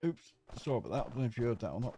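A man's voice: mid-range voice, sing-song, rapid-fire, dark tone, a little hiss or hum. A man giving casual, cheeky commentary while playing a survival game. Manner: chatty, cheeky, jokes with game characters. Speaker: gameplay commentator. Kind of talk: casual let's-play commentary.

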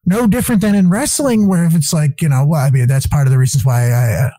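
As a podcast guest, a man tells loose, rambling stories full of profanity, excitable and quick to laugh as he goes in casual chat. His voice is dark and mellow yet fairly high in pitch. The recording is dry and close, with little room sound and no echo.

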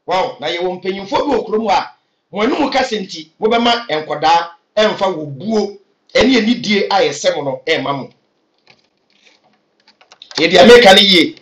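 In an echoey room and a muffled recording, a man with a high voice and a Ghanaian accent delivers political commentary to camera. He is animated and moderately paced, offering earnest, urging opinions in an impassioned vlog, punctuated by hesitant fillers.

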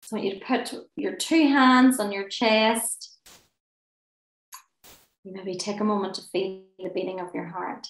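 Slow, playful woman leading laughter exercises. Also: medium pitch, fairly even intonation, roomy sound, rough recording. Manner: playful, giggly, encouraging. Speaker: laughter and relaxation session leader. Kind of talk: guided laughter exercise class.

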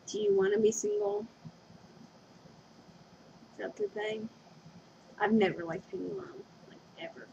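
At home, a young woman rambles through a casual confession vlog, giggly and scatterbrained, often losing her train of thought. Her medium-pitched voice swings hugely in pitch and is a little slow, creaky and dark, with frequent pauses, in a dull lo-fi webcam recording with slight background noise.

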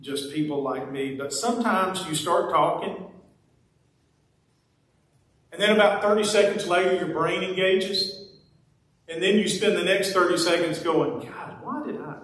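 Preacher, high-pitched man, folksy and chatty, heard from a distance in a very echoey church. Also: a little slow, long pauses, fairly bright tone. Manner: folksy, conversational preaching with playful asides. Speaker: pastor. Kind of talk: sermon. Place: church sanctuary.

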